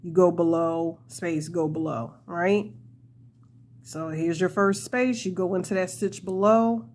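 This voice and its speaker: A woman's voice: on the low side, steady tone, measured pace, a little mellow, a little hiss or hum. A young woman hosting a casual crochet tutorial, chatty and laughing often as she talks to her viewers.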